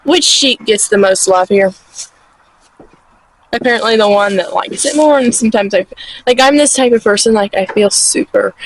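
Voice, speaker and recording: A shepherdess vlogger chats casually from her sheep pen, saying "like" constantly and cooing at her sheep. Her voice sits in the mid-range, and the handheld outdoor recording is poor, with a little hiss or hum.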